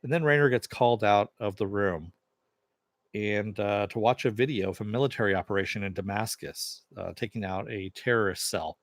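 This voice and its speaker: Low-voiced man rambling through a recap. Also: moderate pace, no echo. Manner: rambling retelling with many fillers and "he goes". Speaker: TV episode reviewer. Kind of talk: casual episode recap.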